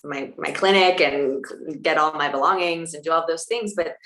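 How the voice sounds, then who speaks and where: A woman with a low voice speaks as an interview guest. She answers in a calm, measured, reflective way. Her voice carries the echo of a roomy space. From New York, USA. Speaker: herbalist guest. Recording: echoey room.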